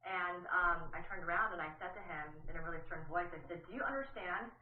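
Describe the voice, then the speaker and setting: A woman news correspondent recounting events in a shaken, halting voice full of restarts. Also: lowish voice, flat delivery, a little hiss or hum. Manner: emotional, halting, with many restarts. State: shaken, voice trembling. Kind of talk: broadcast news interview. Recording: distant echoey phone-like rebroadcast.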